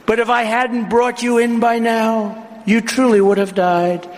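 A man's voice: very high-pitched, little pitch movement, unhurried, voice pushed up. A tender-hearted woman, as a man reads her out. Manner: recited verse, exclaiming. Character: tender-hearted kind woman who rescues a snake. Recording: echoey hall with crowd noise.

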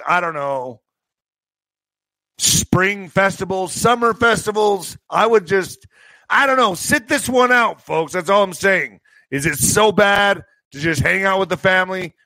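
A man's voice: sits high, sharp tone, no echo. A man reading out news headlines in a casual stream, sarcastic and stumbling over words.

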